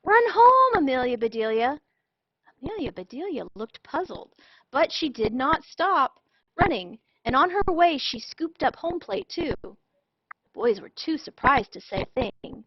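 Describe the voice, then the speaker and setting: A woman reading a children's storybook aloud in an expressive, animated way. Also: sits high, unhurried, no room sound. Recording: dull lo-fi dry sound.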